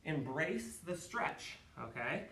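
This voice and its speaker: A man instructs a martial arts class over a camera, his voice bright and forceful, swinging high and low as he counts and coaches. He sounds a few steps back from the microphone in a roomy, echoing space. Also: slow, distant mic. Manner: energetic, calls counts and shouts kiai yells. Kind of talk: live online class instruction. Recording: echoey room, voice away from the mic.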